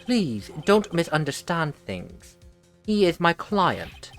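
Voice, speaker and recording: Brief: polite gentleman assassin, man, voiced by a woman, deep and formal. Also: big pitch swings, takes it slowly, soft background music. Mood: calm, menacing. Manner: courteous, formal, quietly menacing. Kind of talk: fan voice-over of a game.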